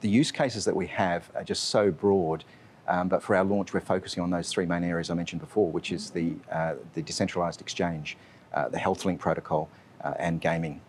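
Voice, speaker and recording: A man speaks quickly in a very deep voice, answering interview questions as a strategy officer. He hesitates often and fills gaps with ums and uhs. A faint noise hangs underneath the recording. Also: fairly even intonation. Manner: hesitant, heavy with fillers.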